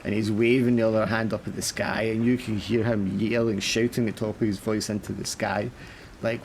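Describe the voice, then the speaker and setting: Gravelly low-voiced male game master. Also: level tone, a little fast, a little mellow, slight background noise. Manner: casual, many fillers. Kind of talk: narrating a tabletop horror game.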